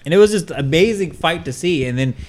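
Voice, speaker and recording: Fast-talking man in casual chat. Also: fairly high pitch, lively intonation, slight background noise. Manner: rapid, profane, repeats words.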